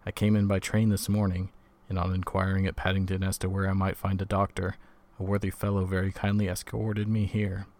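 A man's voice: low-pitched, monotone, a little fast, darkish tone. A man reading the lines of a shaken, pale young engineer who speaks politely and formally.

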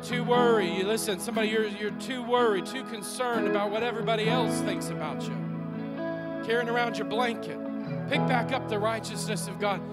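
A man's voice: high voice, brisk, loud music behind the voice. A man preaching a sermon as pastor in a church, with an impassioned, repetitive preaching cadence. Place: church sanctuary.

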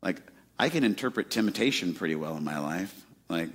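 A man's voice: deep voice, lively intonation, normal speed, husky. A man in his forties from Arizona, preaching a sermon in a casual, conversational way with many fillers. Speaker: pastor.

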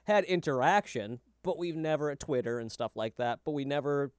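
A man's voice: on the high side, expressive, brisk, a little mellow, clear, resonant tone, dry recording, clean studio sound. A man co-hosting a podcast in loose, jokey casual chat, often laughing. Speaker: podcast co-host.

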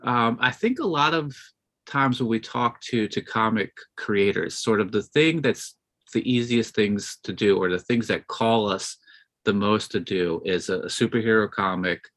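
A man's voice: fairly low pitch, unhurried, fairly bright tone. A man hosting a podcast, opening the show and prompting his guest with questions. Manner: friendly, prompting questions with fillers. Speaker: podcast host. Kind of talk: podcast interview.

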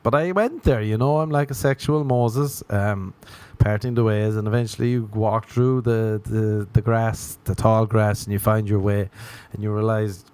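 A man's voice: fairly low pitch, moderate pace, a little mellow. A man with an Irish accent hosting his own podcast, rambling through a self-mocking comic monologue and slipping into acted inner voices. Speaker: podcast host.

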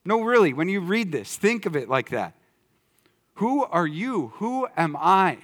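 A male pastor giving a sermon in a church, talking in a conversational way that swings from quiet, low emphasis to loud excitement. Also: measured pace. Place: church sanctuary.

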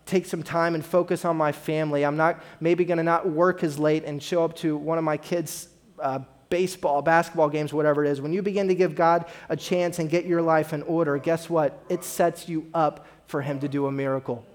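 A man's voice: on the high side, fairly even intonation, a little fast. A man preaching a sermon as pastor, earnest and addressing the congregation with direct questions. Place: church.

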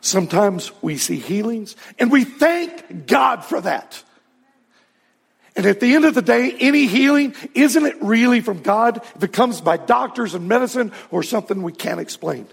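Gravelly high-voiced pastor preaching. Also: male voice, expressive, normal speed, big-room sound. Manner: earnest, rising to emphatic peaks. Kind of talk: sermon.

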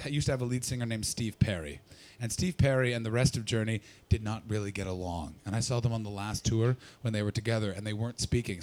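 A man doing stand-up, brashly and profanely teasing the audience in crowd work. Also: medium pitch. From not from Britain. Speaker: stand-up comedian.

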